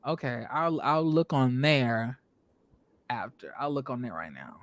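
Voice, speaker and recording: A young man hosting a casual reality TV review show, animated and profane, laughing often and putting on voices when he quotes people. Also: mid-range voice, measured pace, no room sound. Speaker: show host.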